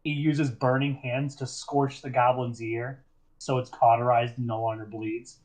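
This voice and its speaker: Male game master, mid-pitched, easygoing scene narration. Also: little pitch movement, low-quality recording. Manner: descriptive, unhurried narration with fillers.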